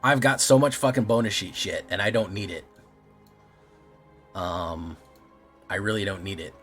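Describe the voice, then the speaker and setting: A man's voice: on the low side, moderate pace, fairly bright tone, faint music behind. Rambling, joking man streaming a card game. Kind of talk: casual gameplay commentary.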